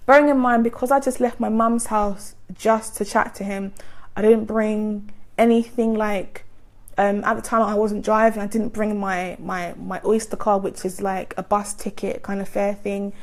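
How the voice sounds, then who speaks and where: A woman with a gentle voice, telling a personal story in a chatty vlog style full of likes and ums. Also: medium pitch, little pitch movement, normal speed. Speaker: vlogger. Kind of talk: casual storytime monologue.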